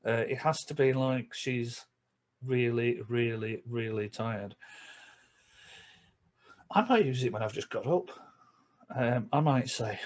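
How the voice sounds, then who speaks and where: A man's voice: medium pitch, a little slow, long pauses. A man with a Yorkshire accent, chatting casually in a reaction video and explaining things with everyday examples. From Yorkshire, England. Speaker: vlogger.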